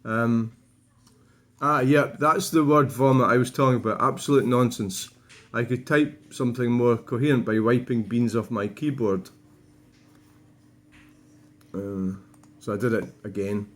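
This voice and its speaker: A man's voice: mid-range voice, steady tone, unhurried, long pauses. A man, a vlogger rambling wryly through casual commentary about his own channel. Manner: rambling, wry, digressive.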